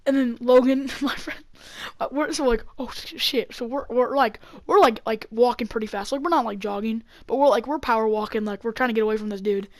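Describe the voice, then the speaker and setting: Young female storyteller, high-ish voice, rambling and full of fillers, dry close sound. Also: a little fast, darkish tone, no room sound. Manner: rambling, filler-heavy, laughing between lines. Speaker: YouTuber. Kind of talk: casual storytelling.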